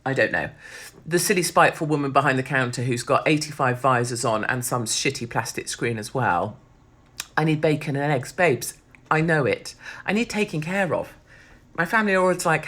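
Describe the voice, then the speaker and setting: A middle-aged British woman talking bluntly and swearing freely in a casual vlog, her voice hoarse from overuse. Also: deep voice, moderate pace, fairly bright tone. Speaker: vlogger.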